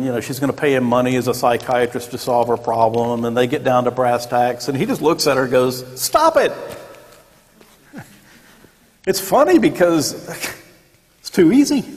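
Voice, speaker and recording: A man teaching a church Sunday school class in a conversational way, with joking asides and acted-out quotes. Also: a little high. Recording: long echoey church room.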